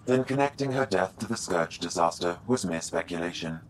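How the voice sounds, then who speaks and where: A calm, deep-voiced AI assistant. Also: male voice, a little fast, a little hiss or hum. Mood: detached. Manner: even, informative, detached. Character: calm male AI assistant in the hero's head.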